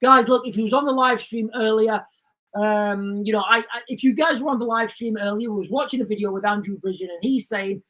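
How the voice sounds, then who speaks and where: A woman's voice: a little high, fairly quick, fairly bright tone. A woman hosting a livestream, speaking urgently and emphatically and constantly calling out to viewers. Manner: urgent, emphatic, keeps addressing viewers as guys. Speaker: livestream host. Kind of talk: livestream commentary.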